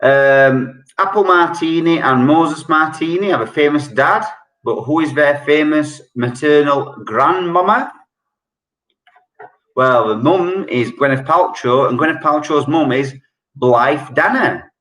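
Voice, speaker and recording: A man hosting an online quiz, chatty and joking, reading each question slowly and repeating it. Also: fairly high pitch, fairly bright tone. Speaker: quiz host. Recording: echoey room.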